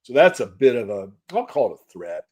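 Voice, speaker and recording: An older man answering interview questions as a market analyst, measured and folksy, repeating phrases for emphasis. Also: medium pitch, very animated, a little mellow, faint music behind. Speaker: silver market analyst guest.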